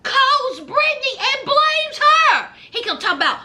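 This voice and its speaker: In casual chat, a woman recaps a reality show, sassily addressing both the people on screen and her viewers, whom she calls y'all, in slangy, chatty speech. Her voice is very high and sing-song, pushed and bright, and she keeps a measured pace.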